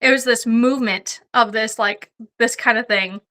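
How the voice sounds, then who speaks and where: A woman tells hunting stories as a podcast guest, her voice high and bright. She swears freely and laughs her way through the tale, talking casually. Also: fairly even intonation, normal speed. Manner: profane, laughing anecdotes. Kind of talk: casual storytelling.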